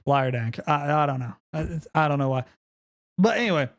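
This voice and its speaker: A man on a live stream in full rant mode, cursing freely and repeating himself as he stumbles over his own words. His pitch swoops widely, jumping from shouted peaks down to low, muttered grumbles. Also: lively intonation, fairly quick, slight background noise. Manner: profane, heated, swings between yelling and low grumbling. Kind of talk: ranting live-stream monologue.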